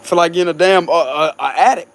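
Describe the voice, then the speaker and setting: A man's voice: a little high, fast talker. A man with a Cajun accent chatting casually with his supporters as a tarot reader, outdoors on a hot night. He is laid-back, laughs a lot and swears freely. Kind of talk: casual rambling chat.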